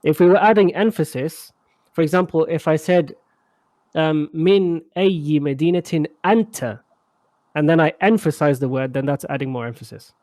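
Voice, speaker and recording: A man's voice: on the high side, brisk, darkish tone, dry recording. A man teaching a casual live language class, chatty and often checking that students follow. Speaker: Arabic teacher.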